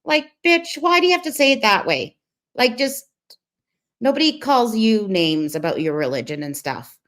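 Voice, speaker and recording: A woman's voice: fairly high pitch, lively intonation, normal speed, a bit bright. A young woman hosting a stream, reacting to a clip with sarcastic, gossipy commentary and greeting her viewers. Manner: sarcastic and critical.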